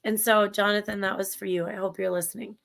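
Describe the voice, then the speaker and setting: A woman's voice: mid-range voice, flat delivery, fast talker, vocal fry, a bit bright. A woman with a Minnesotan accent, co-hosting a livestream show, chatting enthusiastically and rambling with restarts over a video call. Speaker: show co-host. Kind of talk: casual livestream chat.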